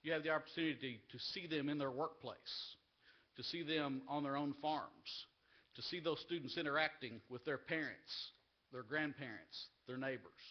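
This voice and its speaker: A man's voice: fairly high pitch, moderate pace, lo-fi sound. A man leading an agricultural education group gives an earnest, heartfelt speech at a live university event. He gets emotional and repeats phrases for emphasis. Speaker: agricultural education association leader giving a speech.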